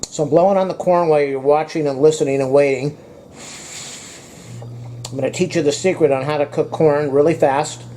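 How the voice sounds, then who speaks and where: A man with a mellow, somewhat high voice talks to his viewers in a casual home cooking vlog. He chats along loosely, even speaking to his dog between bites. A faint hum of noise sits behind him in his kitchen. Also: fairly quick, long pauses. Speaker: cooking vlogger.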